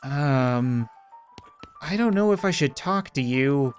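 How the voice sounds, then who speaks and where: A man narrates his game playthrough in a casual, rambling way, full of quick jokes. His pitch jumps around animatedly, with faint music under the voice. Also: animated. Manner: rambling, jokey, quick asides. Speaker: gaming video host. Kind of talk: casual let's-play commentary.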